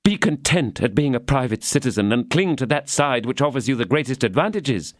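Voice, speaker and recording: A man voicing a fierce, scornful young woman in an audiobook, speaking in an indignant, cutting way with a raised pitch. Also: expressive, fairly quick, no room sound, clean studio sound, close to an everyday voice. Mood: accusing.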